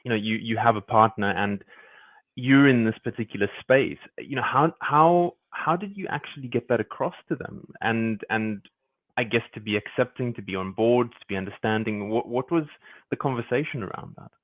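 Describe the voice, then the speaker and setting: A man's voice: mid-range voice, moderate pace. A man hosting an interview, asking reflective questions with frequent hesitant repetitions. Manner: hesitant, repeats words while forming questions. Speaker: podcast host, couples worker. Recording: tinny phone-like line.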